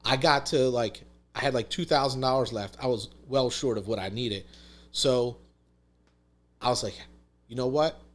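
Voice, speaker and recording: A man's voice: mid-range voice, normal speed. A man talking as a podcast guest, telling a story in casual conversation, emphatic, swearing freely and saying "dude" and "literally" a lot.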